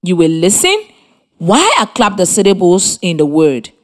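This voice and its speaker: A woman from Liberia teaching a primary lesson over the radio, with slow, clearly articulated, encouraging instruction to children. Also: lowish voice, very animated. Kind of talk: slow scripted classroom instruction. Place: radio studio with students present.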